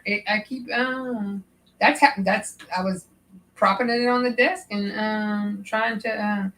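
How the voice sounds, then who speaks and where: Chatty nervous woman, gravelly. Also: medium pitch, steady tone, slow, a bit bright, low-quality recording. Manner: chatty, rambling, thinking aloud with many fillers. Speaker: livestream host crafting. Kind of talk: casual livestream chat while sewing.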